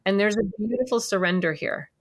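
A woman's voice: mid-range voice, fast talker. Upbeat, encouraging woman host. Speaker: podcast host. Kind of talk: casual interview chat. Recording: hollow, barrel-like sound.

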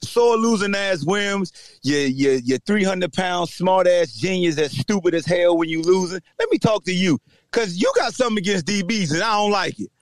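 A man hosting a sports podcast, delivering a loud, taunting trash-talk rant with shouting bursts. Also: high voice, normal speed, no room sound. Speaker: podcast host.

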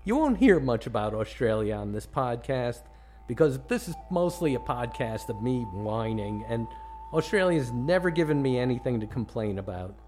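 Middle-aged American male host with a dry, self-mocking comic storytelling delivery and an animated pitch. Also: moderate pace, soft background music. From United States. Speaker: podcast host.

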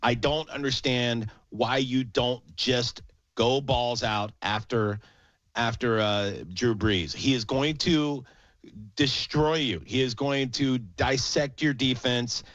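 A man's voice: mid-range voice, fairly even intonation, takes it slowly, a bit bright, no echo. A man co-hosting a casual sports podcast, ranting heatedly and swearing freely. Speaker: podcast co-host. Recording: dull lo-fi dry sound.

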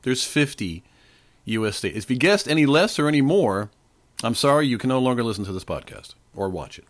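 A man in his forties or older, slightly hoarse, hosting a casual trivia quiz podcast with a playful, joking manner. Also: mid-range voice, animated, brisk. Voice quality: playful, jokey. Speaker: podcast host. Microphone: desk microphone.

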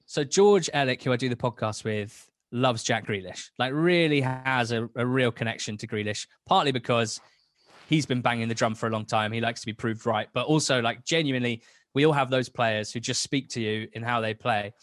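Speaking at a moderate pace, this young football podcast guest has a medium-pitched, slightly bright voice. The studio sound is clean with no room echo, and he rambles eagerly, frequently starting his sentences over.

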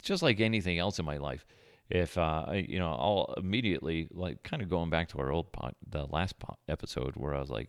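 A man's voice: very deep voice, brisk, dry recording, studio quality. A man hosting a casual podcast from his home office, crude and joking, swearing freely. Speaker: podcast host. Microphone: podcast microphone.

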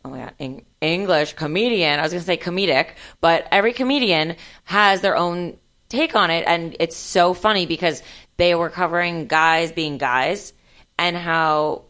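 A woman co-hosting a podcast, telling stories in a rambling, animated way. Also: lowish voice, normal speed. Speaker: podcast co-host. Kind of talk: casual chat.

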